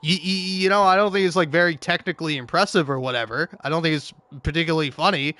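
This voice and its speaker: A man's voice: a little high, fast, few pauses, sharp tone, no room sound. A man hosting a commentary video, ranting with lots of swearing and stammered restarts as he reacts to online comics. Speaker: commentary host.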